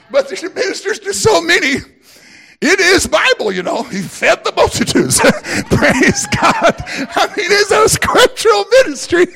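A man with a Southern US twang preaching a lively sermon, laughing often and swinging from shouts to hushed asides. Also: very high-pitched, gravelly. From American South.

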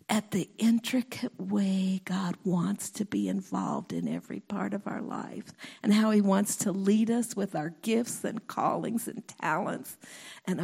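A woman preacher giving a slow, earnest sermon and prayer to a congregation, often sinking into a whisper. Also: medium pitch, creaky, dark tone, slightly rough. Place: church hall before a congregation.

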